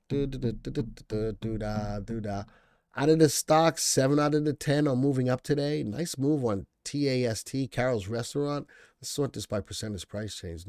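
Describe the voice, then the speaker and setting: This stock market show host runs a live stream analyzing stocks, his medium-pitched voice warm on a dry recording. He talks casually, thinking out loud and replying to comments from viewers.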